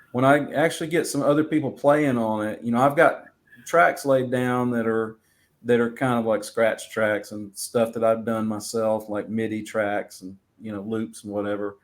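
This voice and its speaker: A man, a musician guest from the United States, talking in a relaxed, rambling way with many fillers. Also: mid-range voice, moderate pace. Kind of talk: casual interview.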